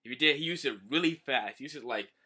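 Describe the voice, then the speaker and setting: Young man, casual comic recap, rambling with fillers, very bright tone. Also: medium pitch, fast, slightly rough. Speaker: manga reviewer.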